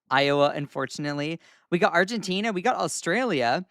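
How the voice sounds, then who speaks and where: A young man hosting casual live-stream news commentary, chatty and animated as he reacts to viewer comments. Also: sits high, rapid-fire, hardly any pauses, clean tone, no room sound, studio quality.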